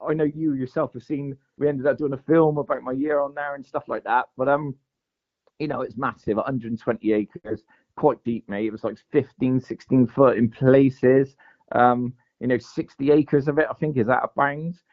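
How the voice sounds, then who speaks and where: Male guest, casual rambling storyteller, mid pitch, muffled recording. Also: fairly even intonation, moderate pace. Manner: rambling, lots of fillers and "mate". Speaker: guest angler. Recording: dull lo-fi podcast audio.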